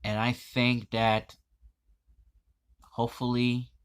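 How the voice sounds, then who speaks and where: A man vlogging an indignant commentary, reading text aloud in a halting, stumbling way. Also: medium pitch, flat delivery, clean tone.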